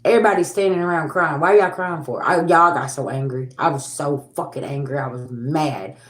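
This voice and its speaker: Low-voiced lady ranting to her viewers, swears a lot, preachy, sounds echoey. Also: a little fast. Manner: blunt, profane and preachy, addresses viewers as y'all. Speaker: livestream host. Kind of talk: casual livestream talk.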